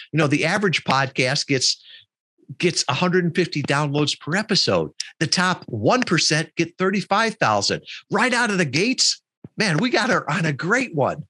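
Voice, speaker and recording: Podcast guest, middle-aged man, bright and lively storyteller, dry close sound. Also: on the high side, breathy edge, dry recording. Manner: animated storyteller, quotes people in his story. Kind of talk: storytelling in a casual interview.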